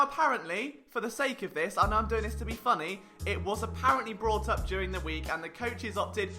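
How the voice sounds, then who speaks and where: A man with a very high, sharp, ringing voice hosts a sports breakdown on camera, his pitch leaping all over as he rants. He sounds sarcastic and exasperated, and faint music plays low behind him. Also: animated. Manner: sarcastic, exasperated, fast restarts when worked up. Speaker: sports vlog host. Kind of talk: animated rant-style sports analysis. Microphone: on-camera mic.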